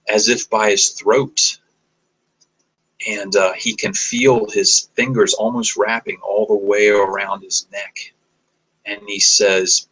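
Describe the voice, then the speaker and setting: A man improvising a story aloud, describing scenes as he goes, often pausing and restarting mid-sentence. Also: on the low side, sharp tone, breathy edge, poor audio. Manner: halting, searching for words, many restarts.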